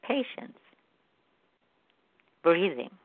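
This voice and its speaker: A woman's voice: on the low side, big pitch swings, extremely slow, gravelly. A woman hosting a motivational podcast who talks straight to her listeners and acts out her own inner voices. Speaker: podcast host. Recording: dry, phone-like audio.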